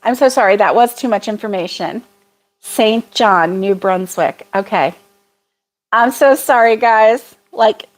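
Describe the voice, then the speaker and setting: A woman hosting a casual livestream chat, chatty and apologetic, laughing often as she reads viewer comments. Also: fairly high pitch. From United States.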